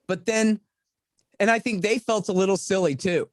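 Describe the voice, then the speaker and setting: A man's voice: high voice, normal speed, no room sound, clean studio sound. A man, a podcast guest, ranting sarcastically in a casual chat.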